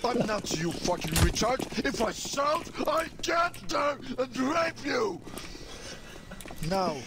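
A man in an online game's voice chat, ranting and yelling insults at his teammates. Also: very high voice, big pitch swings, takes it slowly. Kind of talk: angry game voice chat. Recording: noisy game voice chat.

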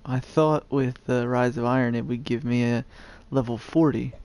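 A man's voice: mid-range voice, steady tone, normal speed, a little mellow. A man streaming a game and chatting casually with a friend, laid-back, swearing freely and laughing often. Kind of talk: casual gaming chat.

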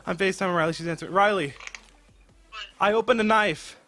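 Excitable gaming host with a higher voice. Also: male voice, fast, soft background music. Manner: excitable, swears often, breaks into loud disbelieving outbursts. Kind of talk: casual live commentary while opening game cases.

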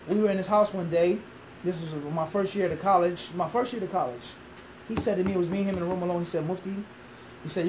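Philly guy, fairly high voice, lectures in an interview, keeps firing questions at the room, a little hiss behind. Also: fast talker. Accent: Philadelphia. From Philadelphia, USA. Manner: animated, asks the room rhetorical questions and drills points by repeating them. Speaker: interviewed Islamic teacher.

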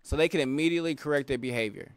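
A man co-hosting a podcast in casual, animated chat, often laughing and slipping into mock-formal lines. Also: on the high side, quick pace. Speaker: podcast co-host.

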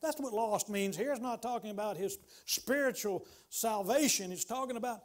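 A man, preaching a sermon as pastor in a church, swinging from loud exclamations to hushed pleading. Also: sits high, moderate pace. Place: church sanctuary.

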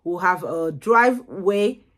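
A young woman talks casually to her camera. Her voice sits a little low, and she chats loosely, often repeating words as she goes. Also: expressive, slow, fairly bright tone. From Nigeria. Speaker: vlogger.

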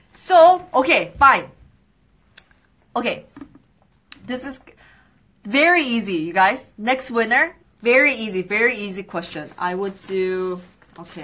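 A young woman hosting a live skincare quiz stream, bubbly and excitable, with quick apologetic asides. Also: medium pitch. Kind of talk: casual live-stream chat.

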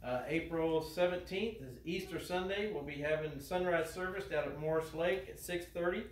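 A man with a Midwestern American accent leads his congregation in an easy, homespun way, slightly high in pitch. He is picked up from a distance in a church sanctuary, where the walls ring with echo under a faint hiss. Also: moderate pace. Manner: relaxed, homespun, fond of "you know". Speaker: pastor. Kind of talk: folksy joke and church announcements. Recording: echoey church heard from a distance.

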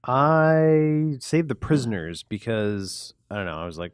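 Animated man with a lively, swinging pitch. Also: normal speed, smooth, no echo, clean studio sound. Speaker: guest panelist. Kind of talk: casual group discussion.

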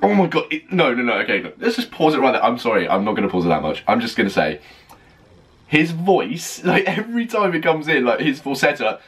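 A man reacting to an album on a first listen, gushing and excitable, stopping often to rave about what he hears. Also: mid-range voice, brisk, breathy edge. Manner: gushing, excitable, full of "oh my God" and "like". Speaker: music reaction vlogger. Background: faint music playing.

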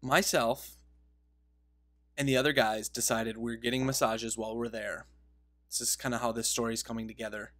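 A man's voice: mid-range voice, flat delivery, moderate pace, pauses often, fairly bright tone. A man giving casual gaming commentary, rambling through a story and interrupting himself, laughing at his own telling. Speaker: game video creator.

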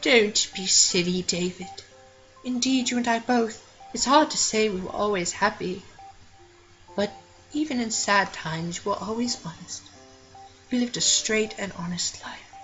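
A woman voicing a gentle, apologetic dying mother in a video game, speaking softly. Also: medium pitch, measured pace, dull audio, soft background music, natural voice. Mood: tender.

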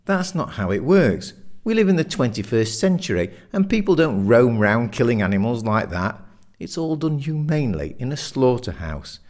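A man's voice: mid-range voice, big pitch swings, normal speed, voice pushed up, natural voice. A man voicing Simon, a blunt, dismissive friend at the pub. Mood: scoffing. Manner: scoffing, dismissive. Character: Simon, a blunt meat-loving pub mate.

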